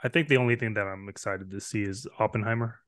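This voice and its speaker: A man's voice: lowish voice, steady tone, quick pace, no room sound. A man guest in casual podcast chat, shy and hesitant with brief answers.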